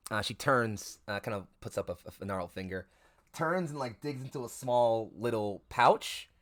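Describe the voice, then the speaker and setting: A man's voice: mid-range voice, animated, normal speed, a bit bright, no echo. A man narrating a tabletop game as game master, rambling with lots of fillers and restarts. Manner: rambling, filler-heavy, self-correcting.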